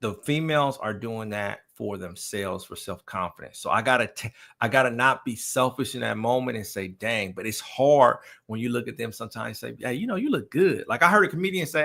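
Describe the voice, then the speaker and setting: A man's voice: medium pitch, expressive, fairly quick, vocal fry, hardly any pauses, pushed and bright. A man hosting a casual podcast chat, ranting emphatically with a lot of swearing. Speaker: podcast host.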